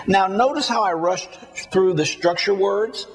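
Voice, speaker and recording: A man teaching a recorded spoken-English lesson, reading model sentences slowly and deliberately for learners to repeat. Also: high voice, sing-song.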